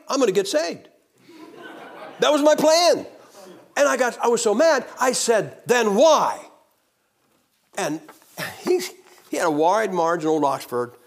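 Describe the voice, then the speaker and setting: Preacher guy telling his story, high voice, big swings, loud then hushed. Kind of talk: revival sermon testimony.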